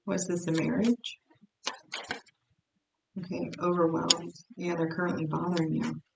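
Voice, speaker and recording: A woman's voice: lowish voice, little pitch movement, measured pace, creaky, far from the mic. A young woman giving a casual tarot reading, thinking aloud in a rambling, self-interrupting way. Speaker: tarot reader. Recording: roomy, off-mic with faint noise.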